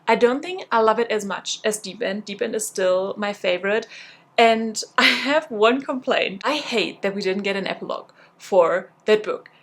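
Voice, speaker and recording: A woman's voice: mid-range voice, normal speed, echoey room. A young woman vlogging casually about books she read, gushing and chatty with lots of fillers. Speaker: book vlogger. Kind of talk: casual reading vlog chat.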